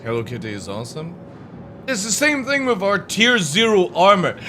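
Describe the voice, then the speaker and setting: A man's voice: sits high, big pitch swings, normal speed, bright, forceful tone, slight background noise. A young man streaming, ranting about video games in a profane, exasperated way. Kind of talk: ranting gaming stream talk.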